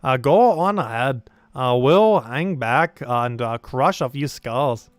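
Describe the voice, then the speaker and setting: A man voicing a gruff, stubborn male dwarf warrior with a New Jersey accent, halting with many uhs. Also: medium pitch, animated, no room sound.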